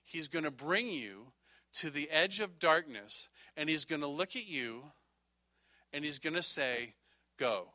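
Bright-voiced male preacher, rhythmic repetition. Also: on the high side, expressive, measured pace, dry recording, studio quality. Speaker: pastor. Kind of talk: sermon.

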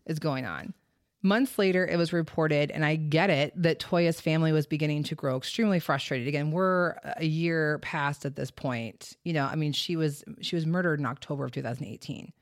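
A woman's voice: low-pitched, a little fast, dry recording, studio quality. A woman hosting a true crime podcast, telling the story in casual, chatty talk full of fillers and the odd swear word. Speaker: podcast host.

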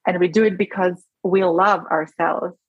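A woman doctor speaks as a guest in an interview, warm with feeling and often stopping to restart her thought. Her voice sits a little low and sounds husky. The sound is close and dry. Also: steady tone, normal speed, no echo, dull audio. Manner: earnest, emotional, many restarts. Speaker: rheumatologist guest. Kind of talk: conversational interview.

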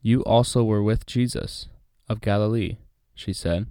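Mellow low-voiced man reading scripture. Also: measured pace, dry recording, clean studio sound. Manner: relaxed, chatty, many fillers. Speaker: Bible study host. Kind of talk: casual Bible reading and commentary.

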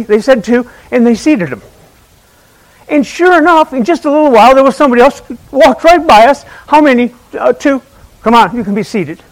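The audio is poor as a high-pitched man gives an Easter sermon. He keeps it conversational, questioning the congregation and recounting a funny personal anecdote.

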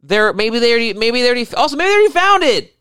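A young man co-hosting a casual comedy podcast, rambling and swearing as he riffs with rising excitement. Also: very high-pitched, rapid-fire, clean tone, no echo. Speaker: podcast co-host.

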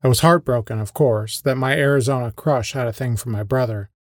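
A podcast host from the American Midwest tells his own short stories in a scripted first-person style, dry, wry, and understated. His mid-range voice moves briskly, and the recording is dry.

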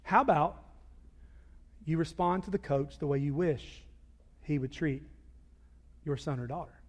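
High-voiced pastor preaching in a reverberant hall. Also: male voice, measured pace. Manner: dynamic, swings from loud emphasis to quiet asides. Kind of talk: sermon. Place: church sanctuary. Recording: long reverb of a large hall.

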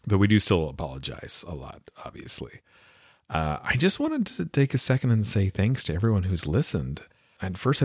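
A man's voice: low voice, darkish tone, dry recording, studio quality. A man with a West Coast Canadian accent, a podcast host and audiobook reader chatting casually in a jokey, self-deprecating way. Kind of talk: casual chat.

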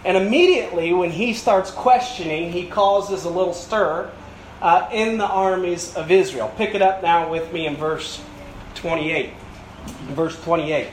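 A man's voice: high voice, measured pace, reverberant, a little hiss or hum, poor audio. A male pastor preaching a sermon with emphatic, building repetition and rhetorical questions.

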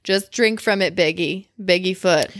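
A woman's voice: on the low side, measured pace, a bit bright, no echo. A young adult woman hosting a podcast, chatting casually and playfully, laughing often. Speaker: podcast host. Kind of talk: casual chat.

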